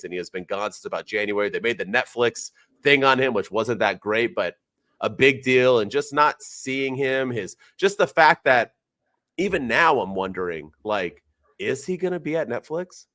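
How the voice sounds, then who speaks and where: A man's voice: medium pitch, moderate pace, dry recording. Man, forties, podcast co-host, casual fan chat, emphatic, dry close sound. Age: 40s. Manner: excitable, emphatic fan talk.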